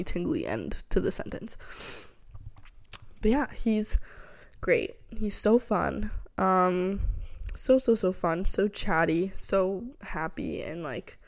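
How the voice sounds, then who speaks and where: A young woman hosts her own podcast, chatting casually on her own and rambling with lots of fillers. Her voice is medium-pitched and darkish, with vocal fry.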